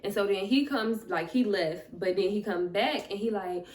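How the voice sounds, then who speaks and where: A young woman telling a storytime vlog in an animated, chatty, slangy way. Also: mid-range voice, normal speed. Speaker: vlogger. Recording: roomy, distant mic.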